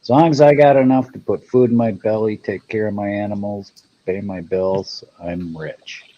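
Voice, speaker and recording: A man's voice: lowish voice, fairly even intonation, moderate pace, dark tone, muffled recording. A man from Minnesota chatting casually as host, modest and self-deprecating, with a rambling way of talking. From Minnesota, USA. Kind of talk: casual chat.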